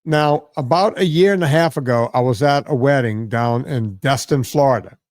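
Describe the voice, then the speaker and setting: A man hosts a casual podcast, spinning a meandering story full of "uh" and "right?". His voice sits at an ordinary middle pitch and sounds close and dry, with no room echo. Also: moderate pace, darkish tone. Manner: rambling storyteller, many fillers and "right?" asides. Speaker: podcast host.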